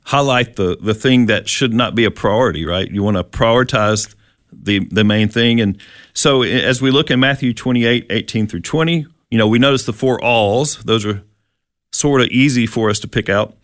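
A man's voice: mid-range voice, moderate pace, a bit bright, no echo, studio quality. A man co-hosting a casual Bible teaching chat, explaining verses with plenty of fillers and restarts. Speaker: co-host.

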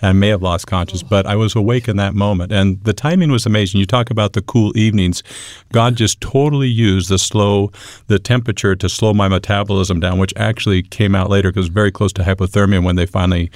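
A man recounting his own ordeal as a guest, earnest and halting with touches of humor. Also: fairly low pitch, fairly even intonation, a little mellow, dry recording. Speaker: guest telling his story. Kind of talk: personal testimony storytelling.

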